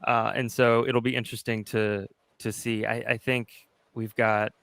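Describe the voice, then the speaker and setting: A man's voice: medium pitch, little pitch movement, moderate pace, vocal fry, fairly bright tone, dry recording. A man co-hosting a casual livestream, playful and self-mocking, laughing easily. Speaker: co-host.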